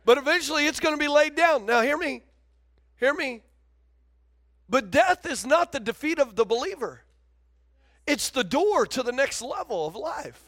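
Male pastor with a very high voice, animated sermon delivery, calls out to the congregation, dry close sound. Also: normal speed, pauses often, no room sound.

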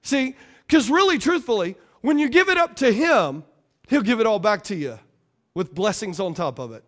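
Very high-voiced preaching man. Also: expressive, moderate pace, fairly bright tone. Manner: call-and-response, playful preaching with laughs; repeats phrases for emphasis. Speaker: pastor. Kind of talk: sermon.

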